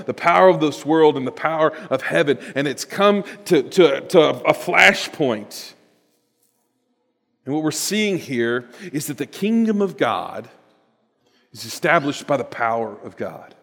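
A man preaching a sermon in a church, animated and building to emphatic bursts. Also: mid-range voice, gravelly. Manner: animated, rising to emphatic bursts, with chuckles and repetitions. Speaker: pastor. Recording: long reverb of a large hall.

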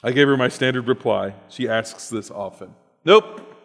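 A man's voice: mid-range voice, moderate pace, creaky, a bit bright, in a large hall. A man reading a written personal story aloud in an earnest, reflective way, then reflecting on it as host.

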